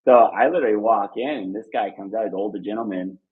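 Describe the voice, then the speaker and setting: A man from Southern California telling an animated story as a guest in a casual interview, full of fillers and restarts. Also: fairly low pitch, quick pace, breathy edge. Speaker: guest, trucking business owner. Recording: phone-like narrow band line.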